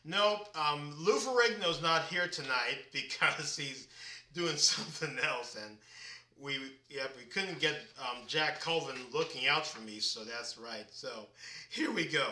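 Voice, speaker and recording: A man's voice: a little high, a little slow, sharp tone, recorded from a distance. A man with a drawl hosting a casual live-stream quiz, reading out viewers' names and answers in a chatty manner. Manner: chatty, reads viewers' names and comments aloud. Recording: echoey room, voice away from the mic.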